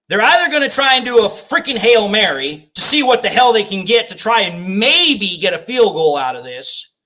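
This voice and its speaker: Fired-up male fan host, high animated voice, swears a lot while calling plays. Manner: ranting, swears freely, repeats complaints. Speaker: fan watch-party host. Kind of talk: live play-by-play fan commentary.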